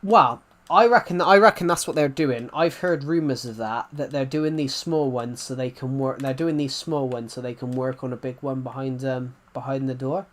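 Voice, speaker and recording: A man's voice: medium pitch, normal speed, few pauses. A man, chatting casually on a live stream and rambling through restarts and repeated phrases. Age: 20s.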